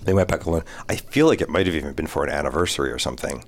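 A man's voice: a bass voice, very fast. A middle-aged man telling family stories in a casual chat, often breaking into laughter.

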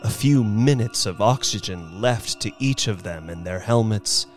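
A man performing a dramatic story reading as the storyteller, expressive and unhurried. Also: lowish voice, faint music behind.

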